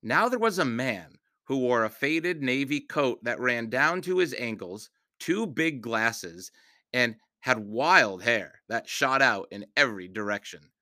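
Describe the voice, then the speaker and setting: A man reading a children's novel aloud as a measured storyteller. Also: mid-range voice, expressive, bright, forceful tone, no echo, studio quality. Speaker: audiobook reader.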